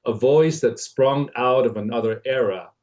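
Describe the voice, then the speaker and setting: A man from Mexico joining by livestream to read a written tribute, hesitant at first, then steady and poetic. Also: mid-range voice, normal speed. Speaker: family friend giving a tribute. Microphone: livestream connection.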